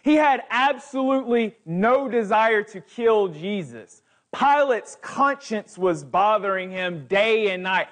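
A man's voice: high-pitched, lively intonation, slow pace, fairly bright tone. A man preaching as a guest speaker, building emphatic, repetitive lists. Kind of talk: sermon.

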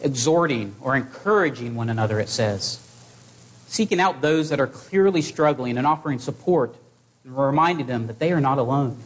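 A man's voice: medium pitch, expressive. Earnest male preacher delivering a sermon. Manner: earnest, exhorting delivery with measured pauses.

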